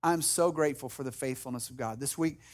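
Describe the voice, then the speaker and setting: A man's voice: mid-range voice, fast. A man preaching a sermon as a pastor, earnest, acting out prayers and little dialogues, often restarting phrases.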